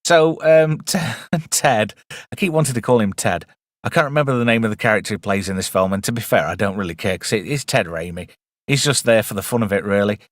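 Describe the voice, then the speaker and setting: A man's voice: on the low side, fairly quick, dry recording. A man hosting a casual live film review stream, chatty and wry with rambling asides.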